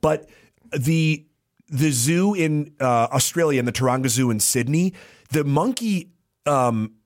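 A young man co-hosts a comedy podcast, riffing in a playful, loose way. His voice sits a little high and swings widely in pitch as he jokes. He keeps the chat casual and quick to jump on a bit. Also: lively intonation, no echo, studio quality. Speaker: podcast co-host.

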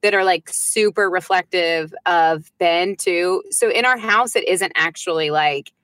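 Lively mom telling stories, dry close mic. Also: female voice, lowish voice, unhurried, no echo. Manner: lively storyteller who acts out her kids' voices. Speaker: podcast guest. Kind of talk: casual chat.

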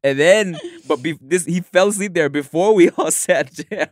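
A man's voice: a little high, normal speed, no room sound, studio quality. A young man from Southern California, co-hosting a podcast and telling casual stories with swearing and laughter. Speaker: podcast co-host. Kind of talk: casual storytelling chat.

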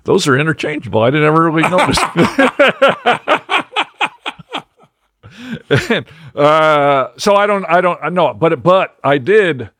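A man chats casually as a guest, his pitch swinging up and down as he rambles and laughs at himself. The sound is dry and close. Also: very animated, takes it slowly, pauses often, a bit bright, no echo. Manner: laughs often, rambling, self-deprecating. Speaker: guest, magician. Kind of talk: casual podcast chat.

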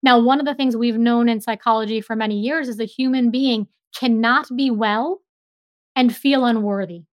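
A middle-aged woman neuropsychologist explaining ideas in an animated, emphatic way with everyday examples. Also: fairly high pitch, normal speed, no echo, clean studio sound. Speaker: neuropsychologist guest. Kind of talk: explanatory interview talk.

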